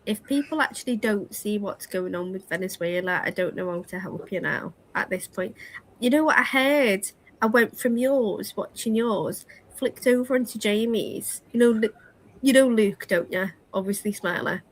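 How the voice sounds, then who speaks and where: A woman's voice: medium pitch, normal speed, poor audio. A woman co-hosting a livestream, chatting casually in an exasperated tone. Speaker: livestream co-host. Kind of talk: casual chat.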